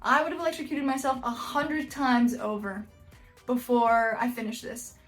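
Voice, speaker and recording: A woman with a high, light voice hosts a casual YouTube reaction video about house listings, speaking bluntly and jokingly with frequent surprised exclamations. Her tone is steady and her speed normal, with faint music playing in the background.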